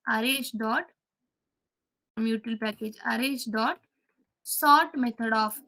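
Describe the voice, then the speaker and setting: A woman's voice: high voice, sharp tone. A woman teaching a live programming class, repeating key steps and quizzing her students as she goes. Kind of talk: live coding lesson.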